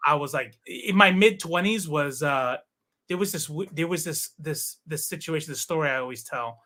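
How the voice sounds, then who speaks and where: A man's voice: fairly high pitch, moderate pace, bright, forceful tone. A man in his forties, a guest in a casual interview, telling a long personal story with many fillers and restarts. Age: 40s. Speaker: podcast guest.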